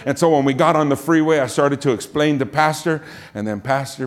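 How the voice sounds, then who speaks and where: A man's voice: fairly high pitch, brisk, hardly any pauses. A man preaching and telling a personal story, acting out the voices he quotes and often saying "amen.". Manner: animated, acts out quoted voices, frequent "amen". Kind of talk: storytelling sermon.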